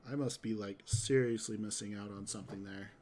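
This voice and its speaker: A man's voice: on the low side, fairly even intonation, brisk, darkish tone, slight background noise. A man streaming a mobile game live, chatting casually and reacting to his chat, saying "dude" a lot. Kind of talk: casual livestream commentary.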